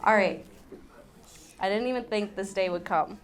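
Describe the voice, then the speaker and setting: A woman's voice: medium pitch, normal speed. A woman, the groom's sister, giving an emotional wedding toast and laughing while holding back tears.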